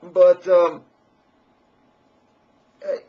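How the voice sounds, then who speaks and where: Man with a fairly high, husky voice, rambling crudely and boastfully to camera on a dull lo-fi mic. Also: flat delivery, drawn-out words. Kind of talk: rambling personal monologue.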